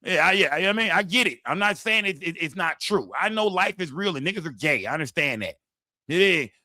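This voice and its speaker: Rowdy, bright-voiced man hosting a livestream. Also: fairly high pitch, lively intonation, fast talker, dry recording, clean studio sound. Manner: loud, rowdy, addresses chat directly. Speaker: livestream host. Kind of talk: profane live-stream commentary.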